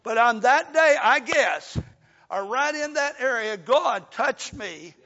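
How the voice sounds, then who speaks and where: An older man preaching a sermon in a folksy way, swelling to shouts and dropping to a hush. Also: extremely high pitch, animated, slow. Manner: folksy, rising to shouts then dropping soft. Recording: dull lo-fi recording in a reverberant hall.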